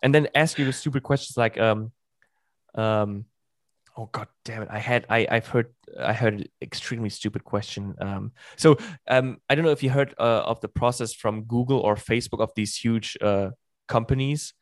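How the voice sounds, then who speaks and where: A man's voice: on the low side, dry recording. Man in his twenties, dry mic. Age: 20s. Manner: halting, many restarts and fillers. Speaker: podcast guest. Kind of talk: casual chat.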